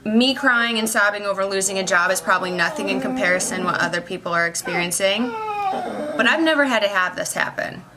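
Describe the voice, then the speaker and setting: With a crowd audible behind her, this young vlogger and social worker describes her day a little fast in a mid-range voice. The vlog is casual and emotional, full of rambling and constant "like."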